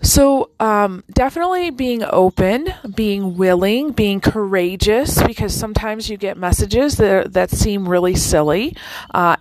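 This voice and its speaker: A woman talks in a relaxed, chatty way about inner guidance, full of ums and restarts and lively lifts. Her voice sits mid-range. The sound is close and dry, with no room echo. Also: medium pitch. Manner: chatty, animated, with many fillers and restarts. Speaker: podcast host. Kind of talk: casual spiritual talk.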